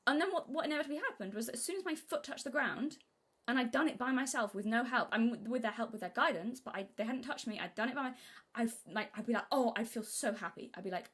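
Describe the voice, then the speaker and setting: A young woman from Britain talking casually on a live stream, rambling and restarting her sentences, sometimes acting out what she said as a child in a high voice. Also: animated, quick pace, hardly any pauses, a bit bright, husky. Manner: rambling, self-interrupting, acts out childhood quotes in a high voice.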